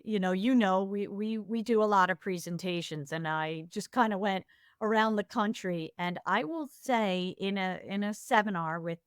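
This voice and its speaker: A woman guest speaking as an HR compliance expert, animated and storytelling, acting out the back-and-forth of the people she describes. Her voice sits at a middle pitch and is recorded dry and close. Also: normal speed, clear, resonant tone, dry recording. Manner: animated storyteller, acts out quoted exchanges. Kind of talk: casual business discussion.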